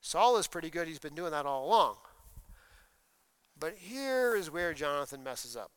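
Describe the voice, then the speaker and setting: A man's voice: a little high, sing-song, normal speed, fairly bright tone, clean tone, no room sound. A man preaching a sermon, explaining scripture and reading passages aloud with emphasis. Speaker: pastor.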